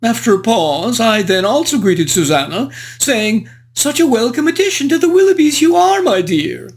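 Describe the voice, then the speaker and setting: A performer doing a frivolous old-world English gentleman. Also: medium pitch, big pitch swings, normal speed. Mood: genteel. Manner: flowery old-fashioned genteel diction. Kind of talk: in-character book review narration.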